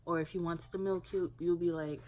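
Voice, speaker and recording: A woman's voice: on the low side, steady tone, fairly quick, heavy background noise. A young woman vlogging about her family in a casual, rambling way, full of filler words. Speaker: parent vlogger. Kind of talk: casual talk to camera.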